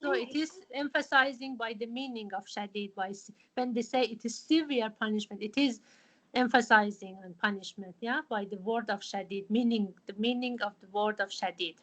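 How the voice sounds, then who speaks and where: Lady teaching an online class, slightly high voice, slow halting explanations with lots of ums. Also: fairly bright tone, low-quality recording. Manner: patient, halting explaining with many fillers. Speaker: religious studies teacher.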